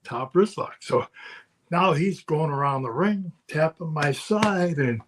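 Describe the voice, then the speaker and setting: A man's voice: fairly high pitch, expressive, unhurried, a little hiss or hum. An older man, a former wrestler, telling rambling anecdotes in casual podcast chat, often chuckling. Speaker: guest storyteller, former wrestler.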